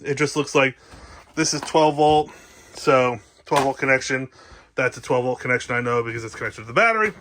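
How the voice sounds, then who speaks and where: Speaking briskly at medium pitch in a slightly bright voice, a man with a New Jersey accent shows off his gear in an upbeat, rambling vlog from inside a travel trailer, using lots of fillers. Slight background noise is present.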